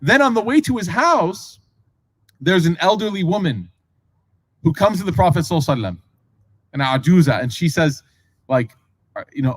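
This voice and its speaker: Male preacher, casual storyteller, higher-pitched voice, dry recording, acts out quotes. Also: animated, brisk, long pauses, no room sound, rough recording.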